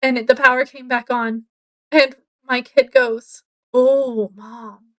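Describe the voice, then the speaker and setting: A woman's voice: sits high, flat delivery, unhurried, a bit bright. A woman, rambling casually to camera at home as a book vlogger, with lots of fillers. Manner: rambling, chatty, many fillers. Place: home, indoors.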